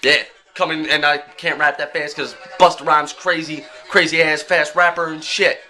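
A young man talking to his webcam in a casual vlog, joking and swearing as he rants and mimics people in quick bits. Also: a little high, fairly even intonation, pushed and bright. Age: young adult. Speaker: vlogger.

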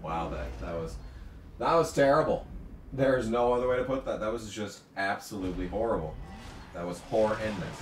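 A man giving let's play commentary while racing, ranting and swearing, now and then bursting into shouts at the game. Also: lowish voice, moderate pace, roomy sound, recorded from a distance, faint music behind. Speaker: gamer commentating his own play.

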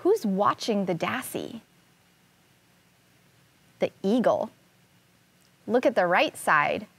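A woman teaching first grade, reading a picture book aloud in a slow, expressive way and asking the children questions. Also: medium pitch, vocal fry, breathy edge, no echo.

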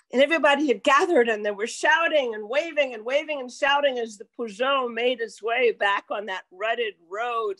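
An older woman telling a personal story in a slow, deliberate way, dropping to a whisper at tense moments. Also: fairly high pitch, fairly bright tone, dry recording. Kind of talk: personal story told to an audience.

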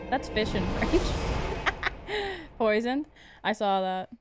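Giggly high-voiced woman streaming. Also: extremely slow, over music. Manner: giggly, reads chat aloud, excitable outbursts. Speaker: streamer playing a game. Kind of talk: casual live-stream chat.

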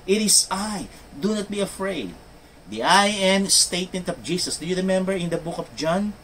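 A man's voice: high voice, animated, normal speed, a bit bright. A man with a Filipino accent preaching a sermon and switching between two languages, emphatic and rhythmic. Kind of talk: bilingual sermon. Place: church. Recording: church service from a distant mic, faint noise.

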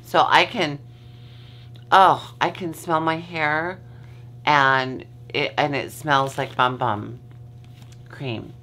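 Give me a slow, gravelly woman vlogger chatting in bed. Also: sits low, fairly even intonation, sharp tone, a little hiss or hum. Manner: rambling, loses her train of thought, swears freely. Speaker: vlogger host. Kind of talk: casual chat. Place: in bed at home.

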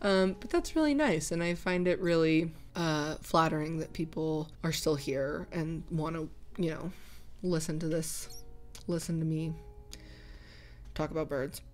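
A woman's voice: low voice, measured pace, soft background music. A young woman chatting casually and rambling as she answers viewer comments, laughing often. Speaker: gaming channel host.

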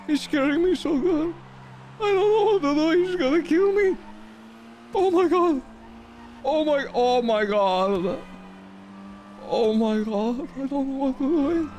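A male streamer voicing an excitable, easily frightened man in a game role-play, shrieking and pleading. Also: very high voice, measured pace, pauses often, a little hiss or hum.

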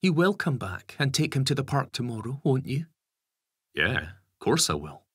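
A man voicing a caring, gently firm mother with dry wit in an audiobook. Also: medium pitch, big pitch swings, moderate pace, slightly rough, dry recording, voice pushed up. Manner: soothing, teasing. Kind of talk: audiobook character voice.

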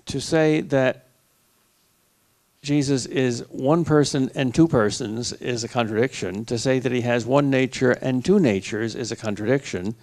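An older American man lays out his argument one step at a time, like a professor answering at a public forum. He talks at an ordinary pitch for a man, measured and clear, with a dry wit. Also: fairly even intonation, a little mellow. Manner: reasoned, step-by-step explaining with a dry joke. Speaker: philosophy professor in a dialogue. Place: university lecture hall.

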